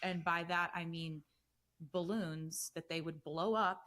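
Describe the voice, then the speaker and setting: A woman in her thirties, a guest on a casual podcast, telling animated stories with lots of fillers. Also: fairly low pitch, a little slow. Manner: chatty, animated storytelling with frequent fillers. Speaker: guest musician.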